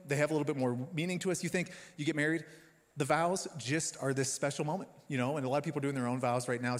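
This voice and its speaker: A man's voice: on the high side, in a large hall. A man preaching a sermon as pastor, in a conversational style with joking asides to his congregation. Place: church hall.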